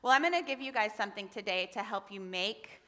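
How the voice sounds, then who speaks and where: A woman giving a gentle, patient children's message to kids in front of a congregation, encouraging them as she talks. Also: mid-range voice, expressive, quick pace. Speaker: religious educator leading a children's time. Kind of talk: children's message in a worship service. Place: large hall in a congregation. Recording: echoey hall with music.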